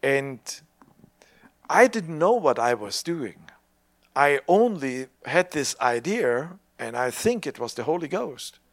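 A man's voice: a little high, very animated, a little slow, dry recording. An older man preaching a sermon as a personal story. He talks conversationally, with hesitant restarts, and acts out the dialogue he retells.

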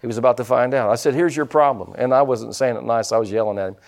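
This middle-aged pastor has a creaky, mid-range voice, and his sermon is plainspoken and folksy, punctuated by rapid asides where he voices people's excuses.

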